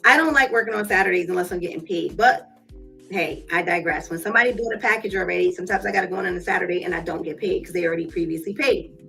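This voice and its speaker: A woman's voice: on the low side, fast, vocal fry, sharp tone, soft background music. A woman hosting a live stream from her home office, giving a casual motivational talk with chatty storytelling and calling listeners y'all. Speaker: live stream host and business owner.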